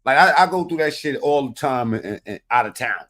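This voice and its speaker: A man's voice: medium pitch, lively intonation, normal speed, a bit bright. Blunt, profane man in casual commentary. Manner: blunt, heavy swearing, rambling street talk. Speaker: commentator reacting to clips.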